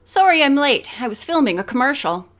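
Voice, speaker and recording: A woman's voice: sits high, big pitch swings, brisk, a bit bright. Brief: charming young man, easy confidence, voiced by a woman narrator. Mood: breezy. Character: handsome young male commercial model, charming.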